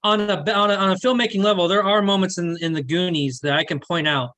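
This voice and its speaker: An eager man talks through a film he loves in a casual review chat. His voice is bright and sits a bit high, and his delivery stays full of enthusiasm. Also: steady tone, quick pace. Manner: enthusiastic, keeps saying "to me". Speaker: film review show host.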